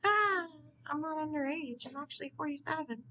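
A woman voicing a grumpy, quick-tempered bald male math teacher in his forties, indignant and threatening. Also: high-pitched, lively intonation, bright, forceful tone, a little hiss or hum, pitched above the performer's own voice, low-quality recording. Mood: exasperated.

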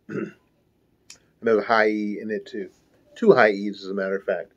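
A man leads an online music lesson in a chatty, encouraging manner, wandering into asides between counts. His voice sits at an ordinary middle pitch. The audio is slightly dull and lo-fi. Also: normal speed. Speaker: music teacher.

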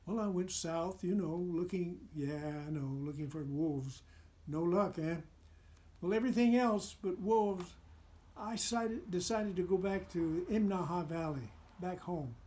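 A man's voice: high-pitched, unhurried, darkish tone. A man doing a young wolf, dejected and wandering. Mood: weary.

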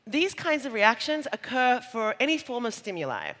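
A woman's voice: a little high, very animated, normal speed, fairly bright tone. A woman with an Australian accent giving a conference keynote on stage, conversational and jokey, with playful asides to the audience. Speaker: conference speaker. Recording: live talk in a large reverberant hall.

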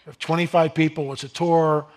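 Middle-aged guy lecturing a crowd, fairly high voice, gets loud and worked up on the questions, lots of restarts. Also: level tone, fairly quick. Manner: emphatic, rising to near-shouts on rhetorical questions; rambling with restarts and asides. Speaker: speaker presenting a slide lecture. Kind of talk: animated lecture to a live audience.

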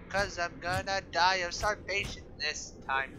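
An excitable young man talks his way through a video game in a raised voice, cursing and looping words into little chants. Steady noise sits under the recording. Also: high-pitched, measured pace. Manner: excitable, swearing, repeats words in sing-song chants. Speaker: gaming video host. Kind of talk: casual let's-play commentary.

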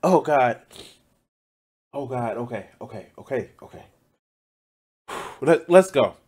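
A man's voice: mid-range voice, expressive, slow, a little mellow, husky. A man giving loose, profane reaction commentary as a streamer, often exclaiming and laughing. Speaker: streamer reacting to news clips.

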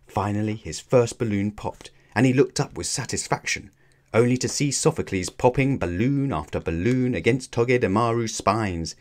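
A man reading a children's storybook aloud in a measured, expressive way. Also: medium pitch. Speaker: children's book reader.

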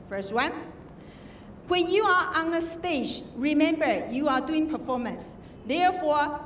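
A female contest judge with a high, fairly bright voice gives feedback to students, teaching through examples. She's recorded from a distant mic in an echoey hall, with slight background noise.

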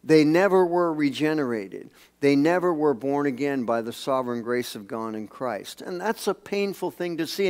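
A male pastor delivering a sermon in a church, earnest and emphatic. His voice sits at an ordinary middle pitch, and his phrases often fall away softly at their ends. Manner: earnest, emphatic preaching with hushed phrase endings. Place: church sanctuary.

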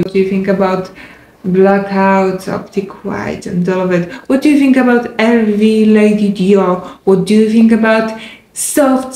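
A woman's voice: medium pitch, darkish tone. A woman vlogger chatting enthusiastically to her viewers about luxury bags, calling them "guys", with non-native English phrasing. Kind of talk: casual product review addressed to viewers. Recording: roomy echo.

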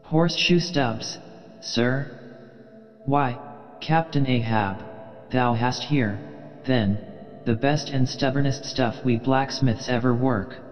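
A man reading an audiobook, voicing a scarred old ship's blacksmith who speaks calmly and with sad resignation. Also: medium pitch, takes it slowly, pauses often, long reverb tail, soft background music, lightly acted. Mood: resigned. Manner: calm and sadly resigned.

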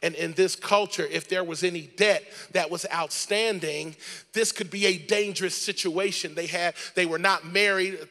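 A man pastor preaching a dramatic sermon in a church, building to shouts. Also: sits high, fairly even intonation, normal speed, in a large hall.

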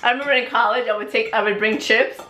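A woman's voice: on the high side, fairly even intonation, fast, bright, forceful tone. Giggly young woman filming at home. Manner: giggly, teasing. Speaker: vlogger. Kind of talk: casual family vlog chat. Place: home, indoors. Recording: echoey room, faint noise.

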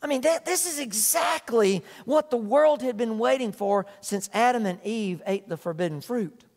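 A man's voice: very high-pitched, moderate pace, darkish tone, big-room sound. A man preaching a sermon as a pastor, earnest and emphatic, repeating phrases for weight. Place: church sanctuary.

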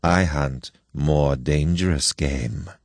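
A cultivated older general, polite and unhurried, with a quiet menace under his hospitality. A man puts him on while reading the story aloud, his voice low and expressive, with a rising, falling lilt. The recording is close and dry, with no room sound. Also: no echo. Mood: suave. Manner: courteous, measured, slow menace. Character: suave aristocratic older male hunter general.

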